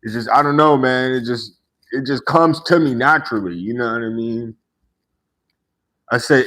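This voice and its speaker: A man's voice: medium pitch, normal speed, long pauses, a bit bright. A man hosting a casual livestream, talking to chat in a laid-back way, laughing often and tagging sentences with "right?". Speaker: livestream host chatting with viewers. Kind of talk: casual live-stream chat.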